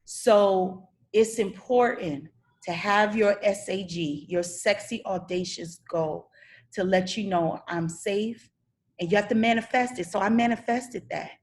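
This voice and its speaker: A woman's voice: mid-range voice, a little slow. Woman, middle-aged, live-stream relationship coach; candid, confessional storyteller.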